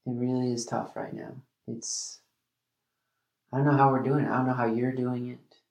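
A man talks earnestly on his podcast in a low-key, fairly flat voice with a gravelly edge. He stops and restarts his sentences often, as if searching for the words. The sound is echoey, as if recorded in a bare room. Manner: earnest, halting with repeated restarts. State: emotional at times. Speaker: podcast host. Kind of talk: reflective solo podcast monologue.

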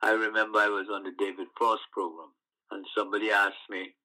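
An older man from the West Indies, recalling his past in an oral history interview, telling stories with halting restarts. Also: fairly low pitch, poor audio. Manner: storytelling, animated recollections with halting restarts.

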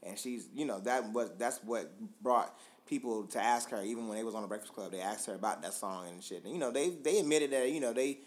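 A man's voice: mid-range voice, fairly quick. A man co-hosting a casual chat, telling stories loosely with lots of fillers, restarts and swearing. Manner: loose, profane, filler-heavy storytelling. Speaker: podcast co-host.

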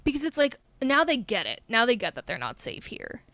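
A woman's voice: a little high, wildly swooping pitch, a little fast, fairly bright tone, no room sound. A woman co-hosting a podcast, chatting casually about a film with lots of fillers and the odd swear word. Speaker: podcast co-host.

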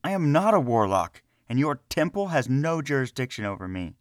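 A man's voice: mid-range voice, very animated, moderate pace, no echo, clean studio sound, pitched above the performer's own voice, lightly acted. A man voicing a desperate young male warlock who cries out in raised, angry protests, in an audiobook reading. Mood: angry defiant. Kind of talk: audiobook character voice.

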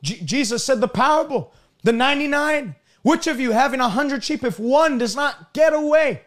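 A man preaching a sermon emphatically, swinging between loud high passages and low drawn-out ones. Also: animated.

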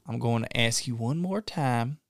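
A man's voice: mid-range voice, fairly bright tone. A man co-hosting a podcast, acting out comedic movie-parody skits with a showy, playful announcer delivery. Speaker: podcast co-host.

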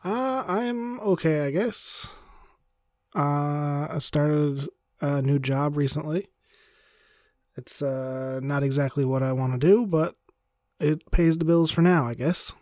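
Brief: young guy, casual podcast co-host, wry and hesitant, a bit high-voiced, dry close mic. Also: slow pace, a little mellow, dry recording. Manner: hesitant, wry, trails off with fillers and laughs. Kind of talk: casual chat.

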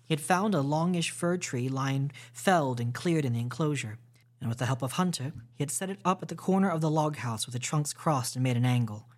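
A man hosting a podcast, reading a classic novel aloud as storytime narration, steady and measured with small slips. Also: on the high side.

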